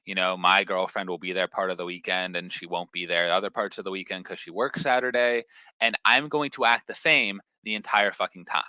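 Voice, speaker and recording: Blunt young man, bright dry voice. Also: sits low, steady tone, fairly quick, smooth, no room sound, poor audio. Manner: blunt, swearing, confident. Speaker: podcast guest. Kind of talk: casual podcast chat.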